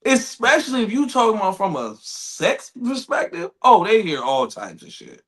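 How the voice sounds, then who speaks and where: A man hosting a podcast, telling stories in loud, profane, laughing banter. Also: sits high, moderate pace. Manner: animated, profane, laughing storyteller. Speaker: podcast host.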